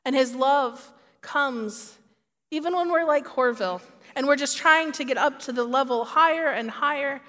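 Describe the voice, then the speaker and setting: A woman's voice: high-pitched, moderate pace, fairly bright tone. Earnest woman preaching in a reverberant hall. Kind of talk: sermon.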